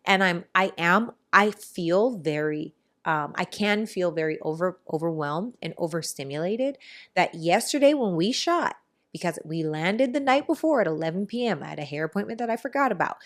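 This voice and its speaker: A woman hosting a podcast in casual chat, telling stories in an animated, rambling way with quick asides. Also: on the low side. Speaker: podcast host.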